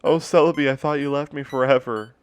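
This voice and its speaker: A man voicing a tearful young male gamer who sobs and yells desperately. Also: mid-range voice, fairly even intonation, a little fast, clean tone, voice pushed up, natural voice. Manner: sobbing, desperate, yelling. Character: tearful young male game-playing kid.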